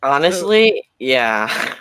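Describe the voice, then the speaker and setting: A young man co-hosting a casual podcast, cutting in with quick, laughing reactions. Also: medium pitch, very animated, bright, forceful tone.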